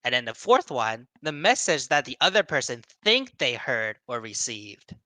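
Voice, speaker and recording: A man's voice: mid-range voice, sing-song, normal speed, bright, forceful tone, no room sound. A young man giving a casual seminar talk to young people, rambling with many fillers and restarts and acting out quoted voices. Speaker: seminar speaker.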